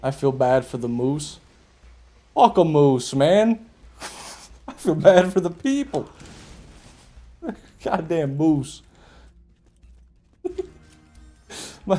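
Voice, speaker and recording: A man with a fairly high, dark-toned voice streams a video game live, playing while he chats with viewers. His commentary is casual, profane and jokey, and he laughs at his own jokes.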